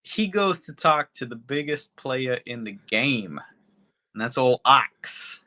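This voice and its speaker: A man's voice: mid-range voice, lively intonation, takes it slowly, pushed and bright. A man co-hosting a podcast, recapping a movie plot in a laid-back, casual way. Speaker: podcast co-host. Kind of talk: casual movie review chat.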